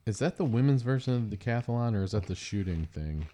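A man co-hosting a podcast, chatting casually and recapping a TV show in a jokey, rapid-fire way. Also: lowish voice, expressive, dark tone. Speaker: podcast co-host.

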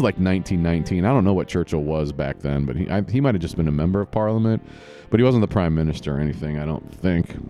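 A man hosting a loose solo podcast, talking in a lowish voice that rambles, stops and restarts. He swears offhandedly as he goes. Soft guitar music sits faintly underneath. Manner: rambling, self-correcting, casual swearing. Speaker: podcast host. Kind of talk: casual solo podcast recap.

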